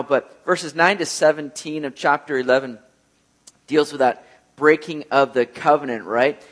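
Male preacher, a little high-pitched, talks to the congregation like a friend and acts out the quotes. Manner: conversational, keeps asking "right?". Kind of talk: sermon.

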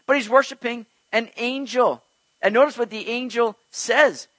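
A man's voice: extremely high pitch, normal speed, fairly bright tone, no echo, poor audio. A man preaching an earnest expository sermon as pastor, teaching emphatically with rhetorical questions.

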